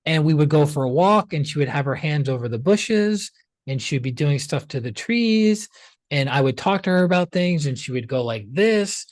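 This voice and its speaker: A man's voice: on the high side, dry recording. A man in his forties, a guest in an interview, telling a personal story in a casual way and acting out past conversations.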